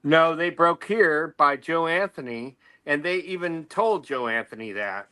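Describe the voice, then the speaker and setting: A man's voice: fairly high pitch, measured pace, a crowd in the background. A man, co-hosting a casual chat and telling stories with a laugh. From San Antonio, Texas. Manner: animated, laughing, jokey. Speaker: co-host.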